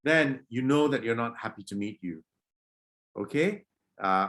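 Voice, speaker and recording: A man leading an online public speaking workshop for children over a video call, acting out greetings to show different moods and gently scolding kids who disrupt. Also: mid-range voice, sing-song, measured pace. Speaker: workshop presenter.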